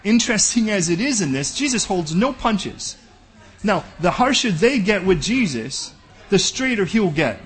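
A man's voice: high voice, very animated, unhurried. A man preaching a sermon as pastor, bold and direct, often acting out back-and-forth dialogues.

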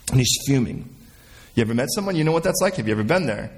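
A male pastor delivering a sermon with a fairly high voice that swings widely up and down. He talks to his congregation, explains word meanings, and acts out the lines of the figures in the story. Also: fast. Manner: animated preaching, acting out voices of God and Cain.

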